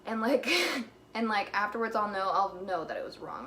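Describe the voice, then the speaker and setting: A woman's voice: mid-range voice, moderate pace, a bit bright, a little hiss or hum. A young woman rambling in a casual vlog, filling her talk with "like" and "you know", a little out of breath. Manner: chatty, many fillers like "like" and "you know". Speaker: vlogger.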